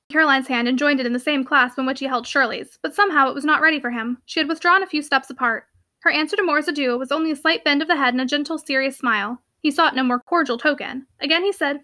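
A woman narrating a classic novel for her podcast, reading steadily and clearly. Her voice is high and bright, with a sharp, forward tone. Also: fast talker, dry recording. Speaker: podcast host and audiobook reader. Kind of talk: audiobook narration.

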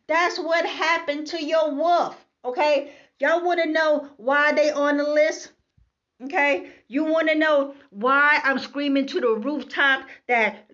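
Woman Bible teacher, unhurried, emphatic, keeps asking "okay?", muffled low-fi sound. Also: fairly bright tone. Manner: emphatic, repeats "okay?" to the listener. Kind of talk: preaching commentary on scripture. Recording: slightly dull lo-fi recording.

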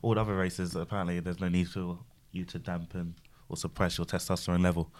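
A man chatting casually among friends on a podcast, animated and opinionated. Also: low-pitched, quick pace. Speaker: podcast co-host. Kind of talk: casual chat.

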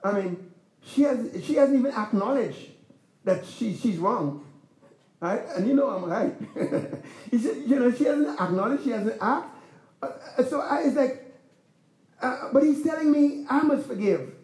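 Pastor, male, very high voice, chatty preaching with asides to the congregation, church echo. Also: lively intonation, a little slow, darkish tone. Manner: conversational preaching with laughs and rhetorical questions. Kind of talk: sermon.

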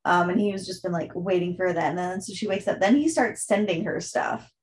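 A woman's voice: fairly low pitch, fairly quick, slight background noise. A woman co-hosting a casual book discussion, recapping the plot in a chatty way with many fillers. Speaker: book podcast co-host.

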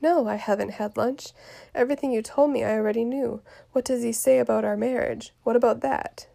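Woman reading impatient teenage girl, play read-aloud, soft, a bit high, gravelly. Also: fairly even intonation, brisk. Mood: eager.

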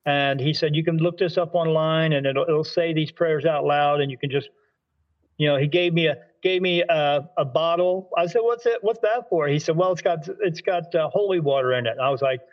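In a lo-fi recording, a Delaware man, a spirit medium, tells a conversational story at a moderate pace with a fairly high voice. He is animated, voicing the dialogue himself and restarting sentences frequently.

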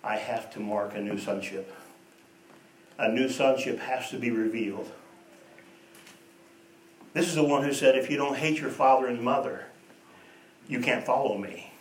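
A man preaching a sermon, telling stories and moving between hushed and emphatic delivery. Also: medium pitch, moderate pace, long pauses, a little hiss or hum. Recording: echoey room, voice from a distance.

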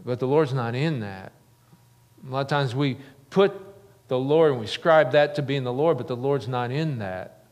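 A man's voice: mid-range voice, moderate pace, darkish tone. A middle-aged man preaching a sermon as a pastor, earnest, building emphasis with repeated phrases. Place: church sanctuary. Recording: long reverb of a large church hall.

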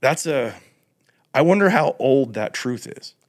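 A man hosting a podcast, talking reflectively and casually, with slang, lively when joking. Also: mid-range voice, measured pace. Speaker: podcast host. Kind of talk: casual conversation.

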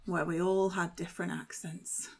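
A woman who performs comedy sketches, chatting casually, amused and gently protesting. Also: fairly low pitch, flat delivery, normal speed, over music. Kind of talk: casual chat.

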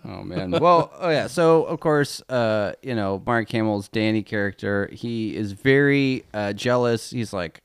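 A man's voice: mid-range voice, lively intonation, measured pace, hardly any pauses, smooth, dry recording, clean studio sound. A man on a podcast, casually retelling a film's scenes with frequent laughs. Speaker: podcast co-host. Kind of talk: casual chat recapping a film.

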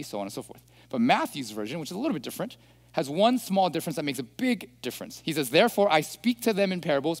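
A man preaching a sermon as a pastor, chatty, often checking in with listeners. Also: mid-range voice. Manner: chatty, asks listeners questions. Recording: long hall reverb.

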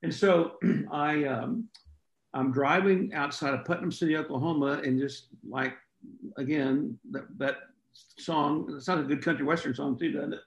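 A man, a podcast guest telling his story in a folksy, unhurried way with frequent throat clearing. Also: a little high, roomy sound, rough recording. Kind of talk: storytelling interview chat.

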